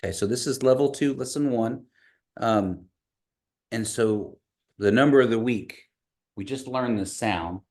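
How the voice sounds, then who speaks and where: A man teaching an online language class over a video call, patiently repeating words slowly for learners. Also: mid-range voice, darkish tone.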